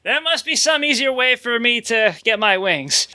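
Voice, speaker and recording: A man's voice: very high voice, animated, moderate pace, pushed and bright, heavily acted. A man reading the part of a lazy, grumbling guardian angel, sarcastic and often laughing. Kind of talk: comedic script read-through.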